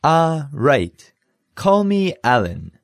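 An easygoing university professor talks with a student, as a man voices him in a language lesson dialogue. His pitch moves in a lively way while his pace stays slow and even. The recording is dry and close. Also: no room sound. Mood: slow, clear. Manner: relaxed, friendly, reads lines then slowly repeats them. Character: friendly male university professor.

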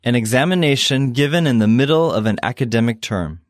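Male lesson host, lively pitch. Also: a little fast, no room sound, clean studio sound. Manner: explains and prompts vocabulary. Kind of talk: scripted lesson presentation.

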